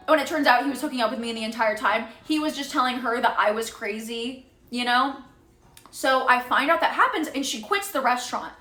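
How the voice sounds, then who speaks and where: A woman's voice: sits high, normal speed, bright, forceful tone, echoey room, soft background music. A woman in her twenties from Texas telling a dramatic story as a casual streamer, swearing and acting out quoted voices.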